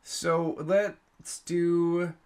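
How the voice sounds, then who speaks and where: A man's voice: fairly high pitch, flat delivery, extremely slow, a little mellow, smooth. A Canadian man hosting a tabletop game as game master, talking in a chatty, rambling way with lots of restarts.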